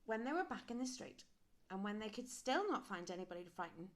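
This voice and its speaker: A woman reading a children's picture book aloud, animated and adding sound effects and questions for young listeners. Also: mid-range voice, a little fast.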